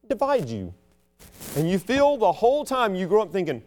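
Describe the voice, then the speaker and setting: A man preaching a sermon with passion, swinging between loud declarations and hushed asides. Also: huge pitch swings, moderate pace. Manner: mocks proud churchgoers in a sneering low voice.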